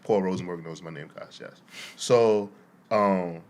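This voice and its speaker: A man's voice: deep voice, measured pace. A young man, a podcast co-host, telling stories in casual chat, laughing often and acting out what people said. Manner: animated, laughing, quotes people in voices.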